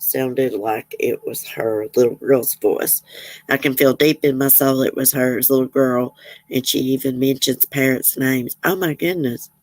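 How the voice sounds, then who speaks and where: A woman's voice: extremely low pitch, fairly even intonation, measured pace, a little mellow, dry recording. A woman, chatting casually as a livestream host, reading viewer comments and rambling with frequent laughs.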